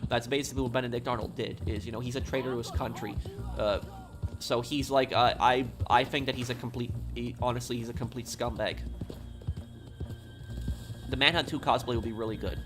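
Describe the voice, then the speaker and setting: A man's voice: mid-range voice, brisk, music in the background. A man streaming a game, talking casually in a rambling way, with many ums, uhs and restarts. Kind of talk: casual live-stream talk. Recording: steady background noise.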